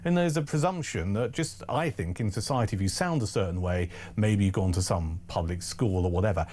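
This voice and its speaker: A man hosting a late-night talk radio show, asking questions in a conversational, lively way. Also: on the low side, fairly quick, slight background noise.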